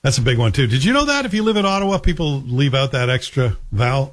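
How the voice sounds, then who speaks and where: Scottish-raised radio guy, husky voice, chatty and animated, talk show banter. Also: mid-range voice, fast, hardly any pauses. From Scotland.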